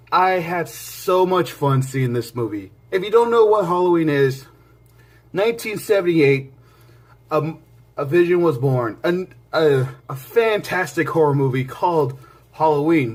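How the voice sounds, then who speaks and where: Rambling, excitable man reviewing a movie. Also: high-pitched. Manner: excitable and rambling, with many restarts and asides; enthusiastic fan, swings between loud bursts and quiet mutters. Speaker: movie reviewer and channel host. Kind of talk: casual spoken movie review.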